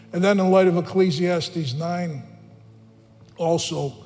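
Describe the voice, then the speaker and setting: A high-pitched male pastor preaching an earnest sermon, his voice climbing as he presses each point. The sound rings with a long reverb in a large hall, with faint music underneath. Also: darkish tone. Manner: earnest, rising in pitch and force for emphasis.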